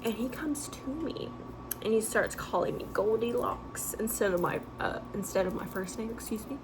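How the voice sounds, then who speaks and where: A young adult woman tells a story-time vlog, chatty and animated with many fillers. Her voice is a little high and moves at a moderate pace against a noisy background.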